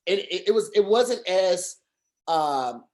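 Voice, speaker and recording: A man's voice: high-pitched, lively intonation, slow pace. A man co-hosting a casual podcast chat over a video call, talking earnestly in long rambling runs with restarts and fillers. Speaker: podcast co-host.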